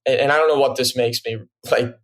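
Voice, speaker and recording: A man talking as a podcast guest in casual chat, reflective and hesitant, filling pauses with "like" and "right?". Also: mid-range voice, fairly even intonation.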